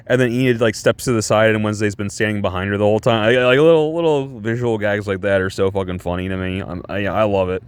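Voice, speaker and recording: A man casually reviewing a show in a vlog, excitable and rambling, swearing a lot. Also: lowish voice, fast talker, clean tone, dry recording.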